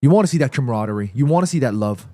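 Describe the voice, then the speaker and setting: Hosting a live football watchalong stream, a man with a stuffy nose reacts excitedly to the match and reads viewers' chat messages aloud. He talks rapid-fire at a medium pitch, with no room sound.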